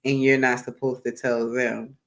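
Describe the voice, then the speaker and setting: A woman's voice: rumbling low, level tone, moderate pace. A woman hosting her own live stream, talking candidly and emphatically in a casual monologue, often repeating phrases for stress. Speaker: livestream host.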